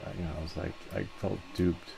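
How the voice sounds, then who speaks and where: Low gravelly-voiced man explaining software. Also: a little fast, noisy background. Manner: relaxed, thinks aloud step by step while working. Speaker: 3D printing tutorial host. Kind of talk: casual screen-share tutorial narration.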